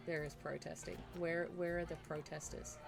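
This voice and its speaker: Gravelly low-voiced woman streamer. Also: flat delivery, normal speed. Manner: chatty, talks back to viewers. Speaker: game streamer. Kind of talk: casual live-stream game commentary. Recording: music playing behind the voice.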